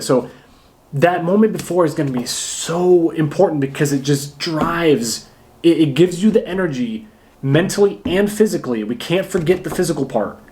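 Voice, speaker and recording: A man acting coach giving a casual lesson to camera, energetic and emphatic, often pausing to demonstrate. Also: on the high side. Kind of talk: casual instructional talk to camera.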